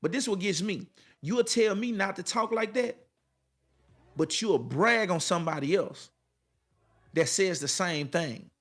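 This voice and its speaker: Emphatic, high-voiced motivational man. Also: unhurried, long pauses, fairly bright tone. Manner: emphatic, repetitive, preacher-like cadence; colloquial, addresses viewers directly. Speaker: motivational speaker. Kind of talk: motivational monologue to camera.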